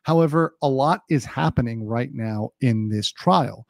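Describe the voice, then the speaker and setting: A man's voice: medium pitch, unhurried, creaky, no echo, studio quality. A man doing casual live-stream legal commentary, chatty with lots of fillers, reading viewer chat aloud and a little hiccupy. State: has the hiccups.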